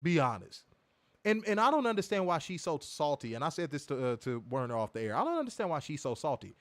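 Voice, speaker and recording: A man hosts a casual wrestling review show, his fairly high voice swinging widely as he mocks and tells stories. The recording is dry and close, with no room sound. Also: fast talker, no room sound. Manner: animated, mocking, lively storytelling with impressions. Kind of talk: casual profane podcast banter.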